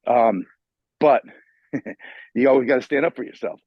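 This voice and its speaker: A man's voice: mid-range voice, unhurried, no echo. Profane New man telling stories on a video call. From New York. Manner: profane, animated storyteller with many restarts. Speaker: guitarist guest. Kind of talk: casual interview storytelling. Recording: muffled video call audio.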